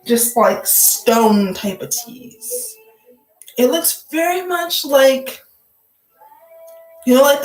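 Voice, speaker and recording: A woman vlogger delivers gossip commentary at an unhurried pace, her voice sitting a little high. She is blunt, profane and joking, leaning on "like" as filler. The recording has a noticeably echoey room sound. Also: a little mellow.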